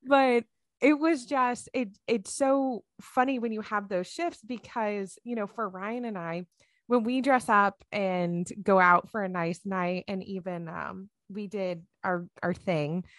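A chatty woman co-hosting a podcast, telling stories with lots of fillers and little acted-out quotes. Her voice sits at a middle pitch and sounds dry and close to the mic. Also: unhurried, no room sound. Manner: chatty storyteller, many fillers, acts out quotes. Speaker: podcast co-host. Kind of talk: casual chat.

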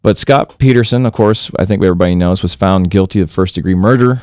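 A man's voice: deep voice, fast talker, few pauses, a little mellow, clean tone, no room sound, clean studio sound. A man hosting a call-in talk radio show, rambling with many restarts and fillers.

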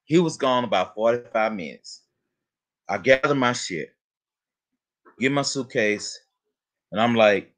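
A man telling a funny story in a casual chat, animated and profane, acting out other people's voices. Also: medium pitch, a little slow, long pauses.

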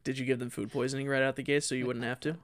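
A man's voice: mid-range voice, flat delivery, rapid-fire, fairly bright tone. A man hosting a podcast in casual chat, rambling with lots of fillers and frequent laughter. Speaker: podcast host.

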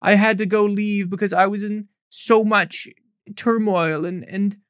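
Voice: mid-range voice, fairly even intonation, unhurried, no echo, clean studio sound, pitched above the performer's own voice, close to an everyday voice. A podcaster mocking a manipulative young woman friend with exaggerated self-pity. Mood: mocking whine.

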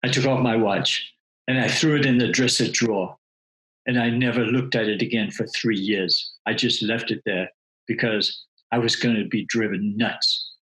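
A man voicing a blunt, fast-talking missionary with a New York accent. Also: lowish voice, fairly even intonation, fairly bright tone, close to an everyday voice, low-quality recording. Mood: matter-of-fact.

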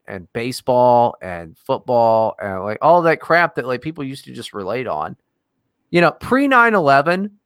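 A man's voice: medium pitch, a bit bright, dry recording, studio quality. A man co-hosting a podcast, ranting in a casual, profane and exasperated way. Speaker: podcast co-host.

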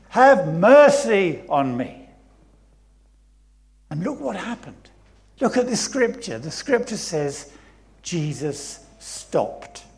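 Male preacher, slow deliberate delivery, slightly high pitch. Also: a little mellow. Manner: storytelling preaching, reads scripture aloud, repeats phrases for emphasis. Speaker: pastor. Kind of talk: sermon. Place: church.

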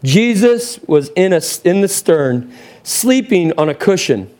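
A man in his thirties, a pastor preaching a sermon in church, impassioned, with big swings in pitch and pace. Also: big pitch swings, unhurried, a little mellow.

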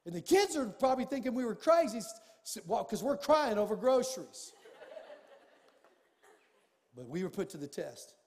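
A man preaching a sermon as a pastor, telling a personal story with animated swings from hushed tones to shouting. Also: high voice, moderate pace, pauses often, big-room sound.

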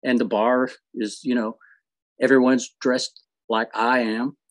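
A man's voice: mid-range voice, little pitch movement, unhurried, dry recording. A man being interviewed as a guest musician, telling stories in an easygoing way and laughing often. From from a family in Eastern Kentucky, now living in Rhode Island. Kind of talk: casual interview chat.

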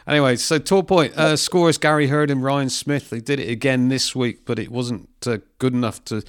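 A man hosting a casual football podcast, running through results in a steady, unhurried way with small hesitations. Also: medium pitch, clear, resonant tone, dry recording, studio quality. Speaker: host.

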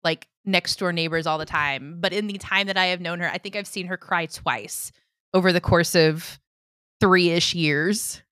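A woman's voice: lowish voice, fairly even intonation, fairly bright tone, no echo, clean studio sound. A woman hosting a live-streamed podcast, chatting casually in a bubbly, talkative way. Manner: bubbly, chatty, quick to laugh. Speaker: podcast host.

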